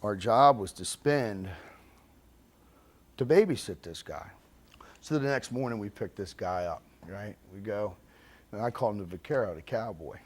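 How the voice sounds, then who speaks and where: A man's voice: fairly low pitch, moderate pace, pauses often. A man being interviewed, telling a story about his past bluntly, swearing constantly, and acting out the lines of the people in it. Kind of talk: profane storytelling anecdote.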